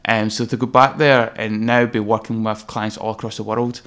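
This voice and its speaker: A man's voice: lowish voice, normal speed. A Scottish man, a designer guest on a podcast, telling personal stories candidly and casually, swearing now and then. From Scotland. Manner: candid, swears freely, animated when reliving moments. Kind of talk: casual interview storytelling.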